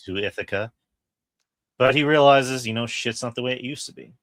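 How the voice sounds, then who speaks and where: A man's voice: medium pitch, a little fast, a bit bright, no room sound. A man co-hosting a casual film review, retelling scenes in an emphatic way and swearing freely. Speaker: podcast co-host.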